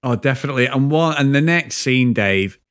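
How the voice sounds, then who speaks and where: A man co-hosting a casual podcast, swearing freely as he retells scenes with lively energy. His voice sits at an ordinary middle pitch. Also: moderate pace. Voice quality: sweary, animated storyteller. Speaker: podcast co-host. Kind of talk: casual chat reviewing a TV show.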